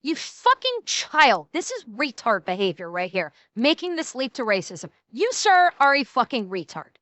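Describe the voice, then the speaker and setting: A woman's voice: on the high side, very animated, moderate pace, bright, forceful tone, dry recording. A woman streamer giving blunt, heated, profane commentary while reacting to clips.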